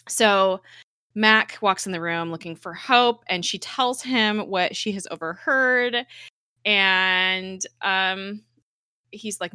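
Bright-voiced woman recapping a show. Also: medium pitch, slow pace, clear, resonant tone, dry recording, clean studio sound. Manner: animated, laughing, tearful recapping. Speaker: podcast co-host. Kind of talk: casual TV recap chat.

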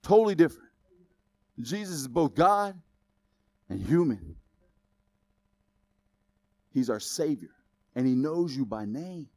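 A man preaching a sermon as pastor, in a casual, conversational way that builds up to loud exclamations. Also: a little high, very animated, slow, long pauses, no room sound.

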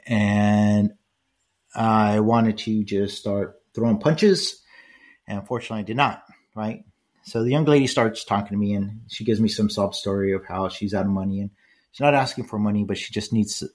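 Low-voiced older man, rambling podcast talk. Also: a little mellow. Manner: conversational, rambling with frequent "right?" tags and fillers. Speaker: podcast host. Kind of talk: casual solo podcast monologue.

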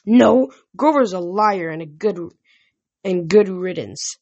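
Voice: medium pitch, expressive, slow, a little mellow, dry recording, dull audio. A reader voicing a fussy, blustering, very old and fat male satyr in a pompous, huffy manner for an audiobook. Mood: flustered. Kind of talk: audiobook reading.

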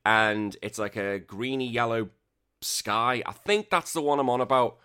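A man's voice: mid-range voice, measured pace, clear, resonant tone. A man hosting a podcast, chatting casually and ranting with lots of swearing. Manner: animated, swears a lot, exasperated rants. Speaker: podcast host.

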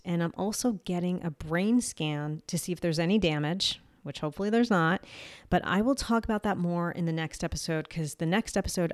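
A woman's voice: fairly low pitch, clean tone, dry recording, studio quality. A young adult woman with a New Jersey accent hosts a solo podcast, talking candidly and casually, swearing lightly and laughing at herself. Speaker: podcast host. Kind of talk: solo health podcast monologue.

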